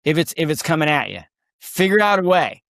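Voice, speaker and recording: A man's voice: a little high, very animated, a little fast, vocal fry, no room sound. Emphatic, storytelling man, dry close mic. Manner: emphatic, rising to near-shouts at key points. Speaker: guest, combat veteran and speaker. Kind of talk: storytelling interview talk.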